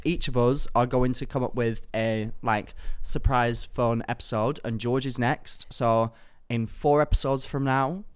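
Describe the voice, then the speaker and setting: Playful camp man, smooth voice. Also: medium pitch, steady tone, measured pace, hardly any pauses. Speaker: podcast co-host. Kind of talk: casual chat.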